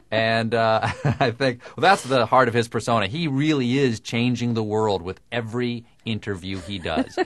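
Middle-aged man, dry crisp diction, low-ish voice, dead-dry studio sound. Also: animated, moderate pace, a bit bright, no echo. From American South. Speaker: comedian guest. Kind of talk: radio interview conversation.

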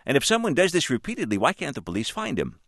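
A man hosting a radio news interview, asking measured, probing questions. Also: fairly high pitch, wildly swooping pitch, a bit bright, no echo, clean studio sound. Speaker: radio host.

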